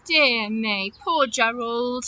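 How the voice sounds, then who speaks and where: A woman teacher reading a picture book aloud to children, expressive and asking them questions as she goes. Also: a little high, takes it slowly, lo-fi sound, slight background noise. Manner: expressive, warm-toned questioning of young listeners.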